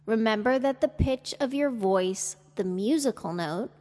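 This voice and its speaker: A woman teaching English intonation in a scripted podcast lesson, speaking with slow, careful deliberation. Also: fairly high pitch, expressive, darkish tone, long reverb tail.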